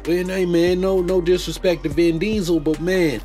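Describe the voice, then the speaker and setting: A man's voice: high voice, steady tone, normal speed, dark tone, soft background music. A man hosting a podcast, riffing loosely about movies with jokes, slang and restarts. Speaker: podcast host. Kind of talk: casual movie commentary.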